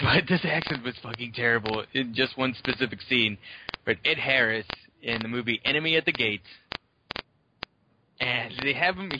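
A man co-hosts a casual podcast, telling stories with jokey asides and quips. His voice comes through a dull lo-fi recording with clear background noise behind it. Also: medium pitch. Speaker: podcast co-host.

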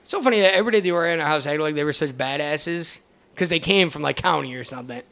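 Casting: young man, fairly high voice, casual and profane storyteller who voices the other people in his stories. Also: fast, gravelly, a bit bright. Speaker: storyteller among friends.

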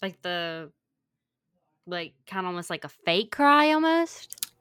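A woman's voice: fairly low pitch, big pitch swings, slow, a bit bright, clear, resonant tone. A woman co-hosting a casual chat, cutting in with short, blunt opinions. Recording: crowd chatter behind.

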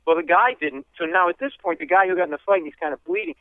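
A comedian tells a long, animated anecdote and acts out the people in it. His voice sits a little high. The sound is thin and phone-like, with no room echo. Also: fast talker. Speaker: guest comedian. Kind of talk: storytelling interview. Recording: tinny phone-like line.

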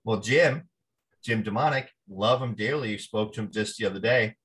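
Animated New man telling stories. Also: fairly low pitch, normal speed. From New Jersey. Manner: animated storyteller, acts out quoted voices. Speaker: actor guest. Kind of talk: storytelling interview.

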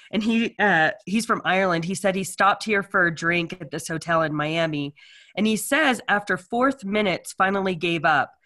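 A middle-aged woman co-hosting a casual chat, talking in a chatty, halting way with many fillers. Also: on the low side, pushed and bright. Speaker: co-host. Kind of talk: casual chat, reading reviews aloud.

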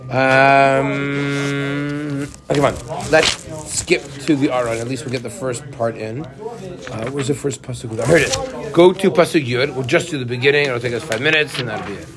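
A man's voice: medium pitch, normal speed, crowd noise. A man teaching a Torah class who keeps asking his students questions. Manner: animated, asks the class questions.

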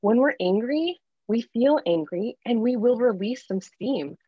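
A woman in her thirties talks candidly as a podcast guest, with animated storytelling. Her voice sounds dry and close, with no room around it. The audio is dull and lo-fi. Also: a little high, measured pace, husky, no echo. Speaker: guest, life coach. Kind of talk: podcast interview.

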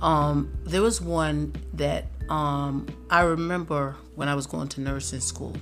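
A middle-aged woman, a guest mother on a podcast, telling family stories in a lively, laughing way. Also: low-pitched, unhurried, soft background music. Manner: lively storyteller who laughs as she talks. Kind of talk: casual podcast chat.

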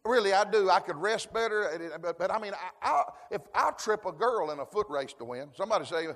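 A man preaching a folksy sermon, calling for amens and building to shouts. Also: high voice, lively intonation, fairly quick. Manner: folksy, call-and-response, rising to shouts. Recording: long hall reverb.

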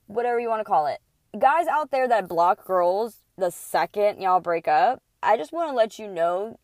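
A woman's voice: mid-range voice, a little mellow. Woman, 30s, podcast host, profane, candid storyteller. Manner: blunt, profane, storytelling with quoted voices. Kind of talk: casual solo podcast monologue.

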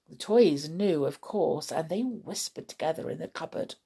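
A woman reading a children's story aloud in an expressive way. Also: low-pitched, normal speed, vocal fry, hardly any pauses, slightly rough.

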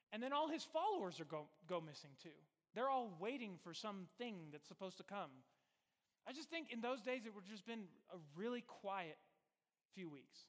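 A man preaching a sermon as pastor, telling the story conversationally and swinging between loud bursts and quiet, hushed lines. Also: sits high, in a large hall.

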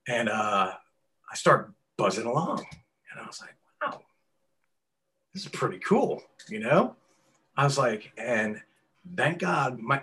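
A middle-aged man, a tattoo artist telling stories in an interview, swearing often and acting out quotes loudly. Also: mid-range voice, slight background noise. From New York. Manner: animated, profane storyteller who acts out quotes loudly. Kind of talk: casual storytelling interview.

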